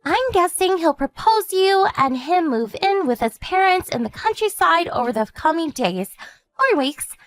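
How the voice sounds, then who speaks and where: A woman voicing a composed woman calmly explaining her sister's husband's dark past in a measured storytelling manner. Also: very high voice, faint music behind. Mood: steady. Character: calm woman warning her sister about a stalker ex. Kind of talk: animated story narration.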